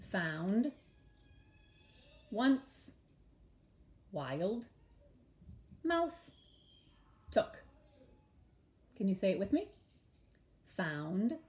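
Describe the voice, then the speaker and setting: Patient woman teacher spelling words slowly. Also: on the low side, reverberant. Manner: slow letter-by-letter spelling, patient and expressive. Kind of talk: early-grades reading lesson.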